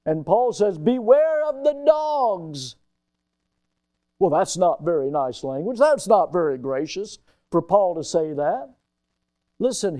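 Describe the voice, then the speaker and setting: A middle-aged man preaches from the pulpit of a church, his voice pitched high yet mellow and warm in tone. He leans hard into quoted scripture, slowing and lifting each phrase for emphasis. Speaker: pastor. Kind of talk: sermon. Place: church sanctuary.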